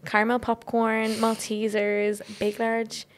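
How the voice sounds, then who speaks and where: A woman's voice: fairly high pitch, completely flat delivery, slow pace. A young woman co-hosting a casual podcast, chiming in eagerly and teasing her friend. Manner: chatty, eager interjections and teasing. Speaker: podcast co-host. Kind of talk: casual chat.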